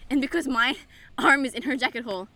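A young woman chatting casually with a friend, telling stories in an animated, giggly way. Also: sits high, quick pace, dry recording. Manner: giggly, animated storytelling, frequent laughter. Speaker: friend answering questions. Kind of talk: casual chat.

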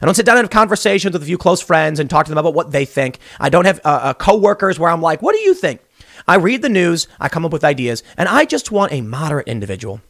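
A young man hosts his podcast from a small closet studio, and his voice sits a little high for a man, swinging widely up and down as he rants. He rambles and restarts his sentences, piling on opinion, and the sound is close and dry with no room echo. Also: fast talker, few pauses. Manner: animated and rambling, with many restarts. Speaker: podcast host. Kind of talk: opinionated political commentary.

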